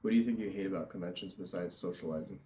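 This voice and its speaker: A man's voice: low-pitched, very fast, darkish tone, a little hiss or hum. A young man hosting a casual interview, easygoing and chatty, laughing often. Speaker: podcast host and tattoo artist.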